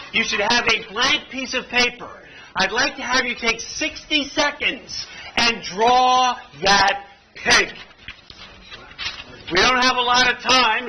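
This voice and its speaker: A man's voice: very high voice, unhurried, background noise. A man presenting an interactive training exercise to an audience at tables, telling a story and joking with the room. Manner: playful storyteller, jokes with the audience. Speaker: workshop presenter.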